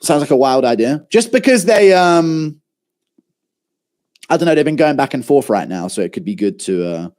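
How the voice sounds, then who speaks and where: A man rambling through a live stream, reading out chat questions and answering with loose, profane banter. His pitch swings up and down a lot as he talks, and fillers pile up between thoughts. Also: expressive, moderate pace, a little mellow. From England. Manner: swears freely, rambling banter with lots of fillers.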